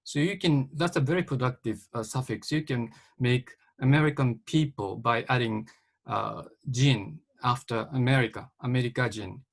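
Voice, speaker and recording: Gravelly man asking a question. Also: medium pitch. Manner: careful, halting, with many fillers and restarts. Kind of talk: academic Q&A question.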